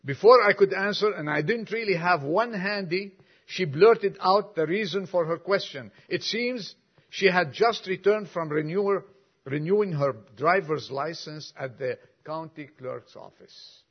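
Older guy preaching, chatty asides, slightly high husky voice. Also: a little slow. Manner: folksy, asides to the congregation. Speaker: pastor. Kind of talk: sermon with a read-aloud story. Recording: dull lo-fi recording.

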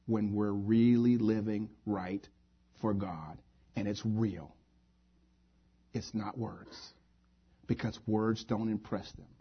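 A man's voice: lowish voice, slightly rough. A male pastor delivering a sermon, preaching emphatically with repeated phrases, on a dull lo-fi recording.

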